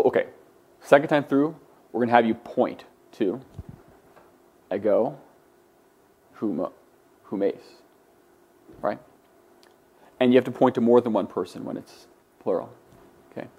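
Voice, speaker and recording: A man's voice: mid-range voice, a little slow, long pauses, a little mellow, husky. A man teaching a class, patiently explaining forms and drilling his students to say words aloud. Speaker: Greek teacher. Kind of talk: classroom lecture.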